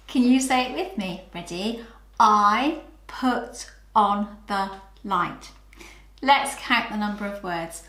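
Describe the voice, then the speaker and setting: A woman's voice: on the high side, fairly bright tone, roomy sound, a little hiss or hum. A woman with a British accent teaching children phonics, patient and encouraging, sounding out letters one by one. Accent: British English. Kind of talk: slow, clear early-years phonics lesson.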